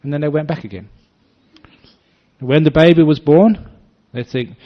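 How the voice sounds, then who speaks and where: An older man, a Buddhist monk, giving a dharma talk that is full of storytelling, acting out voices with gentle humor. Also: on the high side, normal speed, long pauses. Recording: slightly dull lo-fi recording.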